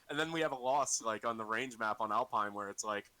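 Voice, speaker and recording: A man chatting after a match as a player, joking and swearing in quick banter. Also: mid-range voice, bright, forceful tone, no room sound, rough recording. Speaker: team player guest. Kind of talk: casual banter.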